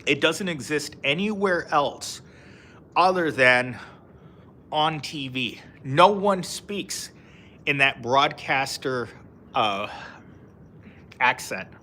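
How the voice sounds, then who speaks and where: A man's voice: fairly high pitch, lively intonation, takes it slowly, pauses often, sharp tone, slight background noise. A man live-streaming outdoors, chatting casually with viewers and reading their comments, rambling with lots of fillers and frequent laughs. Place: outdoors in a park.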